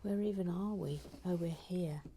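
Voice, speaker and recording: A woman hosting a live building stream, chatting casually in a soft, often half-whispered voice as she reads out viewer comments. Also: lowish voice, normal speed, a little hiss or hum.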